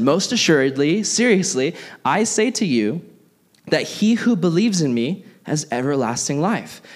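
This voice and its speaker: A young man preaching a casual, conversational sermon, animatedly acting out the people in the passage. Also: on the high side. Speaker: pastor.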